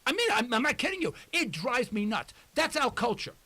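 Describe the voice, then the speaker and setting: High-voiced impassioned older man radio host. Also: sing-song, a little fast, pushed and bright. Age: 60s. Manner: emphatic, rambling, impassioned. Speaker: radio talk show host. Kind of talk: talk radio monologue. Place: radio studio.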